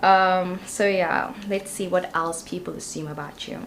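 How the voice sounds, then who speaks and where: A woman's voice: on the low side, fairly even intonation, measured pace, a little hiss or hum. A young woman giving a casual tarot reading to camera, chatty and rambling with lots of fillers. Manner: chatty and rambling, many ums and you-knows. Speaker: tarot reader.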